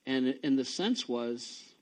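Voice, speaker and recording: A man preaching a sermon, reading scripture and telling personal stories, swinging from quiet low talk to loud excited bursts. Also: slow. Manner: reads scripture aloud between personal asides. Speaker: pastor.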